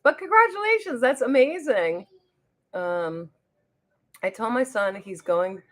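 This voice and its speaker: This beauty livestream host has a New Jersey accent and a slightly high, expressive, fairly bright voice. She keeps a measured pace with long pauses. She reads viewers' comments aloud and chats casually, frequently losing her sentence mid-way while doing her makeup.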